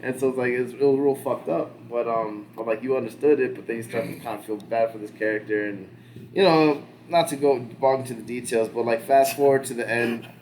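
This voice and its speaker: A man's voice: medium pitch, brisk, darkish tone, slight background noise. A man talking loosely as a podcast co-host, rambling through a show recap with lots of fillers, restarts and casual swearing. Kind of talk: casual pop-culture discussion.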